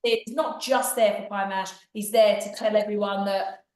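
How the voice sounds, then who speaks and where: A woman's voice: mid-range voice, steady tone, normal speed, darkish tone, echoey room, recorded from a distance. A woman guest speaking at an event, telling chatty anecdotes about her comedy sketches. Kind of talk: anecdotal storytelling.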